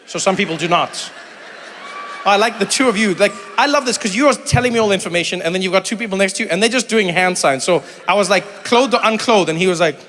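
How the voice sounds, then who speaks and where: A man's voice: high-pitched, fast talker, big-room sound, a crowd in the background, background noise. A South African-born man doing stand-up comedy, telling stories and chatting with the audience, often mimicking other people's voices. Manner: animated storytelling, mimics voices, chats with audience. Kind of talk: stand-up comedy with crowd work. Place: large venue with live audience.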